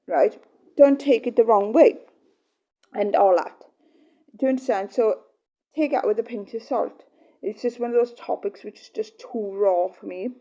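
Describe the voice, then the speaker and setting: A woman's voice: medium pitch, warm tone, highs cut off. A middle-aged woman, a mother, talking earnestly to her partner in a rambling, apologetic monologue full of fillers. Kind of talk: personal heartfelt monologue.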